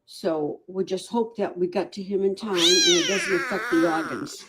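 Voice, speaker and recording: A woman animal rescuer giving video updates on a sick kitten, animated and cooing at it in baby talk, recorded indoors on a phone. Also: mid-range voice, moderate pace, heavy background noise.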